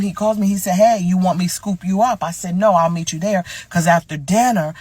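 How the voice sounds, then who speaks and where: A woman's voice: on the low side, breathy edge, dry recording. A woman telling a dating story to camera in a blunt, sassy way, swearing freely.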